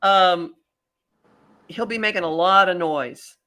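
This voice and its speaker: A woman hosting a podcast as a psychic astrologer, talking in a rambling, animated way with many restarts. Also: on the low side, slow pace. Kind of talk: casual podcast chat.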